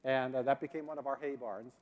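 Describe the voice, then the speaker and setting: A middle-aged man giving a sermon as a guest missionary speaker, telling folksy stories with drawn-out fillers. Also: mid-range voice, steady tone, phone-quality sound. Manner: folksy storytelling, drawling fillers. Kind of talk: sermon with a joke and slides. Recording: long hall reverb.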